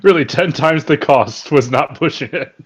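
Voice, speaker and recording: A man's voice: a little high, moderate pace, husky. A man playing a tabletop game, talking in a polite, wry, joking way. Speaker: player.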